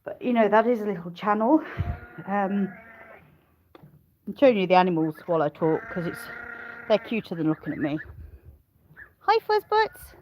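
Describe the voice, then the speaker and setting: A woman's voice: mid-range voice, very animated, moderate pace, long pauses, highs cut off, a little hiss or hum. A woman chatting casually on a live stream while showing her farm animals, rambling and cooing at them. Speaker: smallholder vlogger. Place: outdoors on a farm among sheep and goats.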